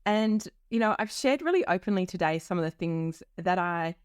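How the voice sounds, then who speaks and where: Candid woman in her fifties, low voice. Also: animated, moderate pace, smooth, no room sound, clean studio sound. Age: 50s. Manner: candid and chatty, with many ums and likes. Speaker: podcast host. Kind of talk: personal solo podcast reflection.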